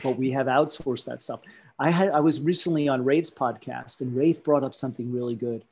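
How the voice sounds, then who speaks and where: A man in a casual podcast conversation, telling animated stories and jumping from topic to topic. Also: mid-range voice, a little fast, a little hiss or hum. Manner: animated storyteller who jumps between topics.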